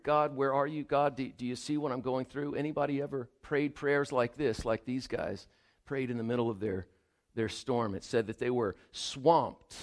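Man, pastor, sermon, earnest, emphatic appeals, mid-range voice. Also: medium pitch.

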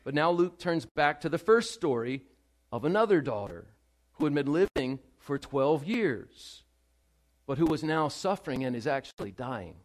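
A man preaching a sermon as pastor, emphatic and direct with the congregation, dropping to a hush and then rising loud, repeating key phrases for stress. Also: on the high side, sing-song, normal speed.

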